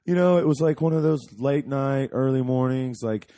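A man telling blunt, profane stories in casual banter. His voice sits at a middle pitch. It is recorded close and dry. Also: moderate pace, warm tone, no echo.

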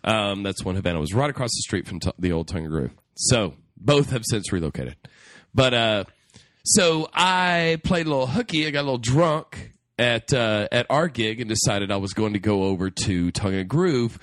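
A man's voice: on the low side, lively intonation, moderate pace, fairly bright tone, dry recording. Dry-sounding teasing male podcast co-host. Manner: teasing, wisecracking. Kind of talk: casual chat.

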